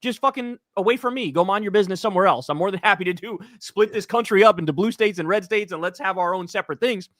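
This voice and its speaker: A man's voice: high voice, fast talker, few pauses, fairly bright tone, no echo, clean studio sound. A man, a political commentator, ranting in a heated, profane, casual podcast chat.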